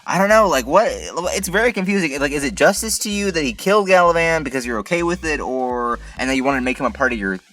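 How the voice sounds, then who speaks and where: A man's voice: on the high side, animated, fast talker, few pauses, a bit bright. A man hosting his own video review channel, complaining in an exasperated, incredulous way with many rhetorical questions. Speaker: TV episode reviewer, channel host. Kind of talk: casual ranting review.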